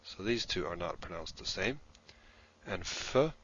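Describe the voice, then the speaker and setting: A man's voice: sits low, fairly quick, bright, forceful tone, husky, dull audio. A man giving a recorded lesson, explaining patiently step by step while he writes things down. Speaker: instructor in a played lesson video.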